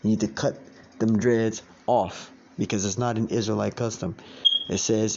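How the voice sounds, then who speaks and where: A man with a low, gravelly voice teaches a religious lesson in a blunt, preachy style, cursing freely. He hammers the same points again and again and slows right down to read passages aloud. The recording is dull and lo-fi, with a faint hiss behind him. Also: steady tone. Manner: blunt, preachy, repeats phrases, curses, reads quotes slowly. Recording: dull lo-fi sound with faint noise.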